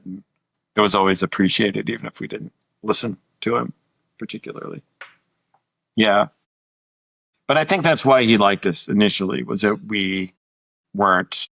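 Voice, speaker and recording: Middle-aged man from Montana, casual storyteller who swears freely; lowish, dry. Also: fairly bright tone, no room sound. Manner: anecdotal, acts out quoted dialogue, swears casually. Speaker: musician guest. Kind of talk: storytelling interview.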